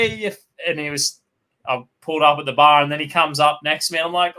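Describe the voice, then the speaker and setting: A man's voice: on the high side, steady tone, fast, bright, forceful tone, smooth. An Australian man chatting as co-host, swearing constantly and telling rowdy pub anecdotes. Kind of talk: casual chat.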